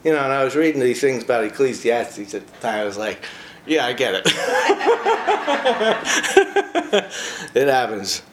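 A man's voice: mid-range voice, huge pitch swings, slow, long pauses, background noise. A man in a casual talk, reading a short biography aloud and breaking off for chatty personal asides. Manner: chatty, with frequent personal asides between read passages.

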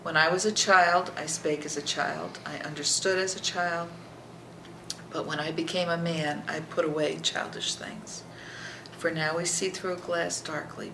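A Bible teacher reads scripture aloud and explains it verse by verse, often asking "okay?" and sometimes dropping to a soft near-whisper. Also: mid-range voice, fairly even intonation, measured pace, creaky, reverberant, noisy background. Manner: checks in with listeners by asking "okay?".

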